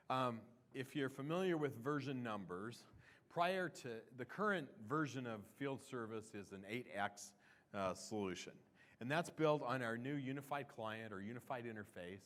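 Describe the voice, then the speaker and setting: A man's voice: mid-range voice, a bit bright. Man giving a casual conference talk. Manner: conversational, with fillers and restarts. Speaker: product presenter. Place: conference session room.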